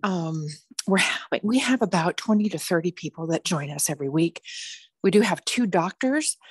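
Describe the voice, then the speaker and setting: A woman nonprofit outreach worker, out of breath, giving a friendly, brisk update in an online video meeting. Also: fairly low pitch, dry recording. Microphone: video call.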